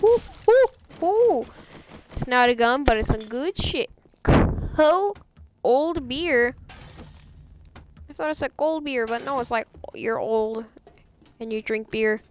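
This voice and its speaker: A woman doing live gameplay commentary, goofy and excitable, often squealing and laughing at her own jokes. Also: sits high, slow, long pauses, noisy background. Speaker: game streamer.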